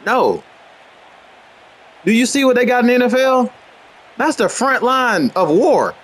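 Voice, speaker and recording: Male streamer, brash trash-talker, high and very lively voice, faint background noise. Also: a little slow. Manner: brash, boastful, trash-talking, swings between mutters and high outbursts. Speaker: gamer streaming gameplay. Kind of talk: profane rambling commentary over gameplay.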